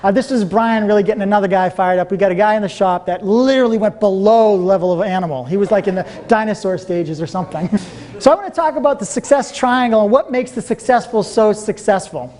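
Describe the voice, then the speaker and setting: A man giving a motivational seminar talk to a live audience, telling stories in an animated way and laughing often. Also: high-pitched, quick pace. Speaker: seminar speaker.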